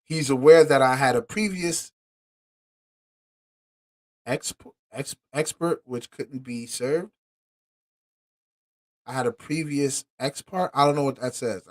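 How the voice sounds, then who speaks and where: A man in the middle of a heated commentary, reading court papers aloud and breaking off to curse. His voice sits at an ordinary pitch, and it drops to low mutters before spiking into indignant outbursts. He stumbles over words as he reads. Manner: swings from muttered asides to loud outbursts. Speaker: podcast host.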